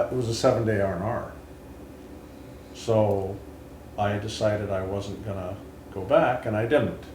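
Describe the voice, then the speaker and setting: A man in his seventies, hosting an interview and telling his own story in an earnest, halting way with frequent restarts. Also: fairly low pitch, darkish tone. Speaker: interview host and Vietnam veteran. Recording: roomy with faint hiss.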